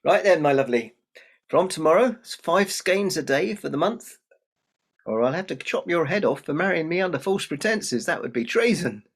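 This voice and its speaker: Storyteller doing a pompous king: loud, hearty, demanding, a touch husky. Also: fairly high pitch, animated, normal speed, pitched above the performer's own voice. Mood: threatening.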